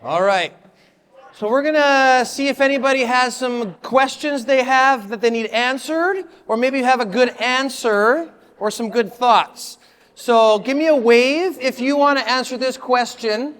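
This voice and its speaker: Brief: high-voiced casual workshop leader, reverby hall. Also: male voice, unhurried, a bit bright. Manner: casual, upbeat, lots of 'like' and 'right?'. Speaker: training session leader. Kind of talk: leading a live workshop.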